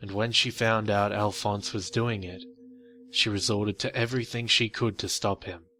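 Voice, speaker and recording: A man reading a horror story in slow, measured scripted narration. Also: on the low side, steady tone, sharp tone, faint music behind.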